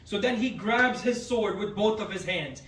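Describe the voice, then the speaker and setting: A man's voice: high voice, moderate pace, a bit bright. A man telling a religious story as a sermon at a home gathering, dramatic and repeating phrases for emphasis. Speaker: majlis speaker. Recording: echoey room, mic far off, faint background noise.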